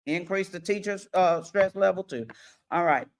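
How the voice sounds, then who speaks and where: A woman coach giving a lively workshop presentation to parents, addressing the audience directly and often checking in with them. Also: lowish voice. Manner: animated, acts out parents and children in quick voices; addresses audience directly with frequent "all right".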